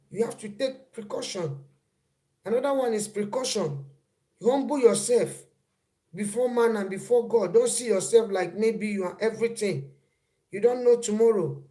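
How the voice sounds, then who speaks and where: A woman's voice: medium pitch, warm tone. Woman, live-stream host; casual, repetitive chat with frequent greetings to viewers. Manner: repeats phrases, greets viewers mid-talk.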